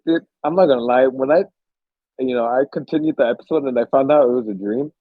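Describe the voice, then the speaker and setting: A young man hosting a casual podcast, his voice husky and a little breathy. He tells stories with animated energy, swearing freely and acting out the screams and gasps. The sound is dry and a bit dull, like a cheap mic. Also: medium pitch, quick pace, dry recording. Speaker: podcast co-host. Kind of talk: casual chat.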